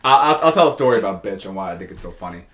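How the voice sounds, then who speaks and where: A man's voice: low-pitched, sing-song, rapid-fire, a bit bright. A young man with a New York accent, co-hosting a podcast, telling crude stories and laughing often. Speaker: podcast co-host. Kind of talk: casual chat.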